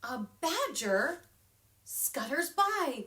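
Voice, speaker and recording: Slow, animated woman reading to children. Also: on the high side. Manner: animated, expressive, with sound effects and whispered asides. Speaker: children's librarian. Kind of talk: live storytime picture-book reading. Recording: echoey room.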